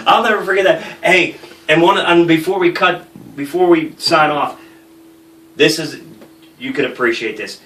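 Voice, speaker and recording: A man's voice: high voice, moderate pace, sharp tone. A man hosting a casual chat show, telling a long profane anecdote and laughing through it. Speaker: host. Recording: roomy, distant mic with faint noise.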